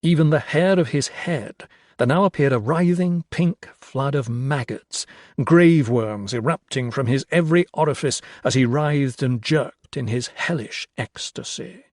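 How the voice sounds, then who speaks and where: A man narrating a horror story with slow, expressive storytelling. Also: mid-range voice, no echo, clean studio sound. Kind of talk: dramatic audiobook narration.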